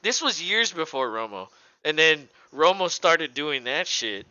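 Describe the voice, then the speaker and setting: Unhurried and on the high side, this man's clean voice comes through a dry recording with the highs cut off. He co-hosts a sports podcast, ranting animatedly with heavy profanity and mocking voices.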